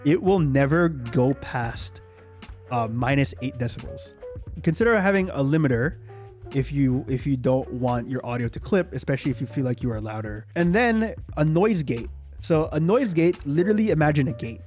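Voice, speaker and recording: A man's voice: mid-range voice, expressive, normal speed, a little mellow, faint music behind. A young man hosting a casual tutorial on streaming audio, chatty and self-demonstrating, talking into a studio mic while EQ changes alter his voice. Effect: live equalizer changes on his own voice. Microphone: studio microphone in a home streaming setup.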